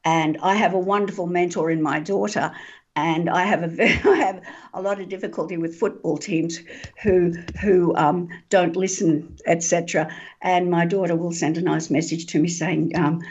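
A woman author being interviewed, an animated storyteller who laughs often and says um a lot. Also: fairly low pitch, normal speed, breathy edge. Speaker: author and guest. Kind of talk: interview talk. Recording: dull lo-fi sound.

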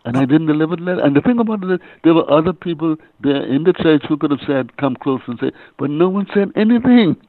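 Older guy on a phone line, gravelly, keeps repeating words, a reverend telling his story. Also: a little high, lively intonation, no echo. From Bahamas. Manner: halting, repeats words often. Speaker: guest author and reverend. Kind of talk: casual interview storytelling.

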